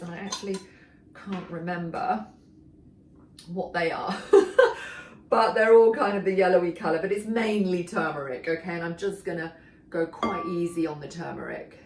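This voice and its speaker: A woman's voice: on the low side, darkish tone, slight background noise. Chatty woman cooking in an echoey kitchen. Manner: chatty, enthusiastic, talks while working. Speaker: cooking show host. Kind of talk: casual kitchen demonstration. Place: home kitchen. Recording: echoey kitchen, mic far off. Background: clattering dishes and pans.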